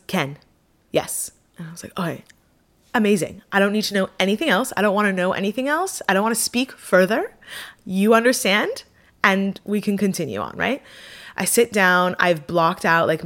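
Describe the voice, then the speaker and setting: Chatty young woman telling a story. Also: lowish voice. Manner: animated, self-deprecating, chatty with many fillers. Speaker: vlogger. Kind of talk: casual storytelling to camera.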